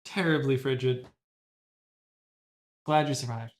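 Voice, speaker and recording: A woman's voice: a bass voice, a little slow, a little mellow. A woman chatting casually on a live stream with dry, understated humor. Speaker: co-host.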